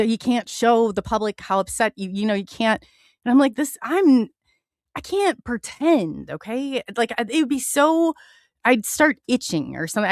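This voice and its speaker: A woman's voice: mid-range voice, dry recording, clean studio sound. A woman hosting a live online radio show, talking in an impassioned, earnest way with many restarts.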